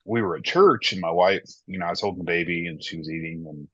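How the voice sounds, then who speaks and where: Speaking fast, a thirty-something worship pastor shares candid reflections during a casual podcast conversation. He has a low, forceful, slightly husky voice, captured in a dull, dry, lo-fi recording with no room sound.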